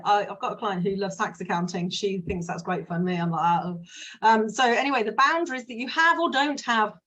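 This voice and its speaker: Husky-voiced woman coach chatting. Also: on the high side, fairly bright tone, lo-fi sound. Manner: chatty, frank, digressive. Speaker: business mindset coach. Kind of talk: casual solo talk to viewers.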